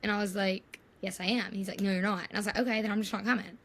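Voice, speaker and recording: A woman's voice: mid-range voice, steady tone, rapid-fire, fairly bright tone. A woman co-hosting a chatty podcast over a video call. She tells stories with a mid-range voice, acting out other people's lines as she goes. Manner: storytelling, mimics others' voices. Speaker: podcast co-host. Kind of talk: casual chat.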